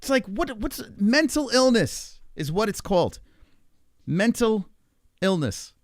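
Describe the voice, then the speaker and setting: A man's voice: extremely high pitch, very animated, moderate pace, no room sound, studio quality. A man streaming a rambling, profane monologue with an exasperated manner. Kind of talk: ranting casual monologue.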